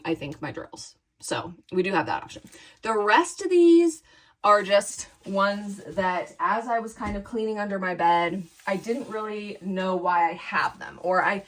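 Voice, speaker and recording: A woman talks casually to her viewers in a slightly low voice. She rambles, hesitates and pokes fun at her own mistakes as she thinks out loud. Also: rough recording. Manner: rambling, indecisive, self-deprecating, says "you guys" often. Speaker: crafting vlogger. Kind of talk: casual chat to camera.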